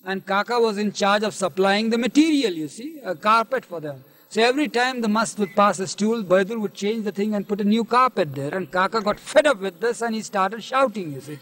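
A man's voice: high voice, lively intonation, brisk, hardly any pauses, a bit bright, low-quality recording. A man telling anecdotes in an interview, talking at an easy pace and often adding "you see". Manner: leisurely, with frequent filler "you see". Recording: archival 1971 interview recording.

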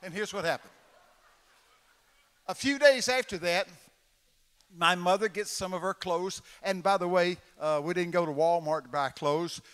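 A man's voice: high voice, normal speed, long pauses, a bit bright, smooth. A man in his eighties with a Texan accent, preaching a folksy, dramatic storytelling sermon. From Texas, USA. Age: 80s. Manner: folksy, dramatic, acts out voices. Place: large church conference hall. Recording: long reverb of a large hall.

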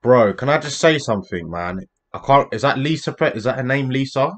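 Lively, excitable young man reacting. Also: mid-range voice, a little fast. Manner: excitable, laughs often, says "bro". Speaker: reaction video host. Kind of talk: casual reaction commentary.

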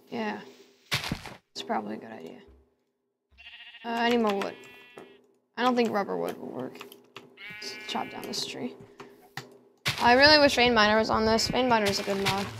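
Woman gamer, casual commentary, excitable, gravelly fry, faint background hiss with keyboard clicks. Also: fairly high pitch, moderate pace, pauses often. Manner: excitable, talks to herself, squeals at danger. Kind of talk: casual let's-play commentary.

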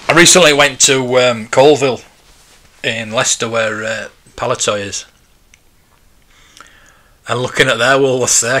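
Bright-voiced chatty man. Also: mid-range voice, steady tone, normal speed. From United Kingdom. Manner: chatty, rambling and nostalgic. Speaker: live-stream host. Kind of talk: casual live-stream chat, reading viewer comments.

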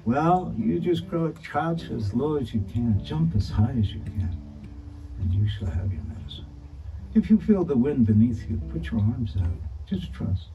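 A man voicing a cheerful male frog with bright, encouraging calls. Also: medium pitch, sing-song, a little slow, lo-fi sound, soft background music, pitched above the performer's own voice. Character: cheerful high-voiced male frog on a lily pad.

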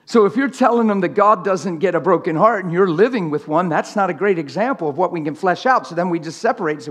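Male preacher, high and husky, fiery delivery that drops to near-whispers. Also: expressive, fast talker, few pauses. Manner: impassioned, swings from loud to hushed. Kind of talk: sermon. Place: church sanctuary.

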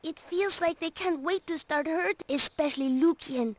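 A woman's voice: very high voice, normal speed, no room sound. A woman voicing a young girl held prisoner in a video game, who gives guarded, curt replies. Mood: wary.

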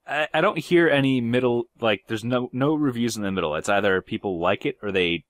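A man's voice: mid-range voice, expressive, brisk, no echo, studio quality. A man co-hosting a podcast, chatting casually about games and movies, joking and prodding with playful questions. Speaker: podcast co-host.

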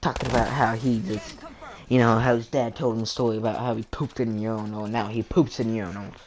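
A man's voice: lowish voice, little pitch movement, quick pace, a little mellow. A male gaming vlogger telling a rambling story in casual chat, full of fillers and the word "freaking". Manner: chatty, repeats "freaking" and fillers.

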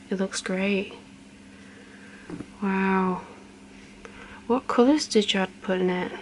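Slow whispering young woman, ASMR role-play. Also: medium pitch, a little hiss or hum, low-quality recording. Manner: soft whisper with chatty asides, counting slowly. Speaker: ASMR creator.

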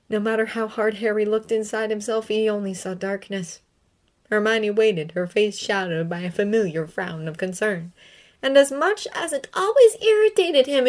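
A woman reading a fanfiction story aloud with expressive, emotive delivery. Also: mid-range voice. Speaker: reader.

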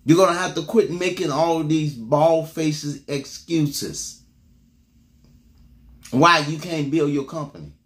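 A man preaches a motivational sermon at a slow pace, urging his congregation on with call-and-response and repeated words. His delivery swings between loud bursts and low murmurs.

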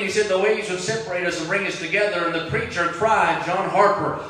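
Man preaching, fairly high voice, big church echo, distant mic. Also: brisk, few pauses. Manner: preaching, rising to loud impassioned cries. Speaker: pastor. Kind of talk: sermon. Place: large church sanctuary.

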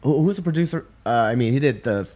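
A man co-hosting a podcast in casual chat, reacting with quick interjections and frequent swearing. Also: medium pitch, lively intonation, dark tone. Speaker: podcast co-host.

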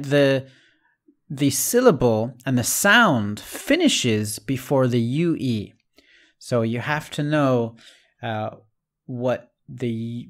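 Male English tutor, unhurried, patient explainer, spells words letter by letter, keeps asking "right?". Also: mid-range voice. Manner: spells out letters and repeats example words slowly. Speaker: English teacher. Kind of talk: recorded online lesson.

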